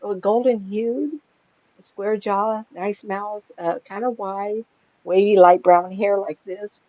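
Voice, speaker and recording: An older woman, a psychic medium, telling anecdotes in a chatty, animated way and laughing often as she talks. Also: mid-range voice, takes it slowly, no echo. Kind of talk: casual storytelling in an interview. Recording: dry, slightly dull lo-fi sound.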